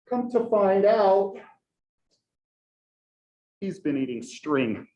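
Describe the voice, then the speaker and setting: A man in his forties, a college professor, telling a story to his class in a chatty, animated way and tagging nearly every sentence with a rhetorical question. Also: high voice, extremely slow, pauses often. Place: lecture classroom. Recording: echoey classroom recording.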